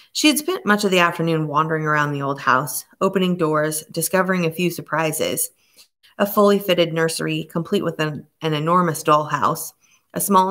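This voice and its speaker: A woman with a low voice narrates a suspense novel. Her reading is steady and measured, with an even, unhurried delivery. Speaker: audiobook narrator. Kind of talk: scripted narration.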